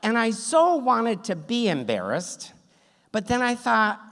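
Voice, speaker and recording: A man's voice: extremely high pitch, big pitch swings, measured pace, fairly bright tone. Wry male storyteller on a stage. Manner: wry, self-deprecating, comic timing. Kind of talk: live story slam telling. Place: stage in a theater hall. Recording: long hall reverb, on stage.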